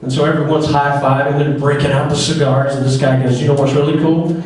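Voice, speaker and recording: A man's voice: a little high, flat delivery, a little fast, a little mellow, distant mic. A man emceeing an awards banquet, folksy and joking as he tells a long joke to the room. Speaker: master of ceremonies. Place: banquet hall. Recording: echoey banquet hall, mic heard from afar.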